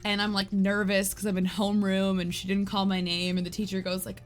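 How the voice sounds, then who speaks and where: A woman's voice: medium pitch, brisk. Chatty, giggly woman streamer. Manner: chatty, rambling, peppered with "like"; giggly, animated storytelling. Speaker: game streamer. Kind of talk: casual live-stream chat. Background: faint game music.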